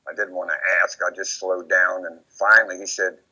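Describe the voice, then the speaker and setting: A man being interviewed, rambling and repeating himself as he recounts memories, often quoting others in lively put-on voices. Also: low voice, brisk, breathy edge. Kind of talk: casual recorded conversation. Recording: dull lo-fi recording.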